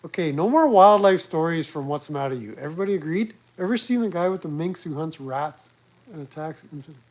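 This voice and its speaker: A man's voice: fairly high pitch, lively intonation, fairly quick, darkish tone, poor audio. A man casually hosting a live talk stream from home, rambling and crude with self-mocking humor. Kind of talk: casual chat. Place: at home, livestreaming from a laptop.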